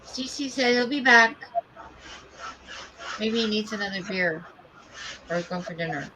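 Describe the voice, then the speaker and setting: A woman's voice: medium pitch, animated, a little slow, pauses often, sharp tone, slight background noise, poor audio. A woman keeping someone company off camera, chatting casually in an offhand, lightly teasing way. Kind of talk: casual chat. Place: home workshop.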